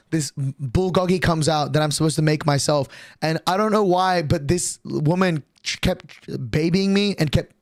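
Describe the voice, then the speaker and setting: A young man streamer telling a long story in a rambling, animated way, full of swearing. His voice is a little higher than most men's. The sound is dry and close. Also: dry recording. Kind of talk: casual storytelling on a livestream.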